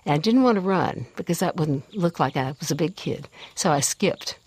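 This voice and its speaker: An older woman from the American South, telling a personal story in a reflective, unhurried way. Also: low-pitched, lively intonation, darkish tone, slightly rough, no echo.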